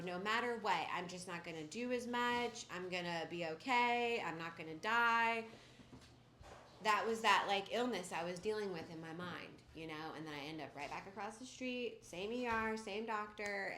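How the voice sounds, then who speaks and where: A woman's voice: medium pitch, fairly bright tone, a little hiss or hum. A woman giving a candid personal recovery testimony in a casual, rambling way, full of "like" and "you know.". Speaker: speaker at a recovery meeting. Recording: roomy echoing room.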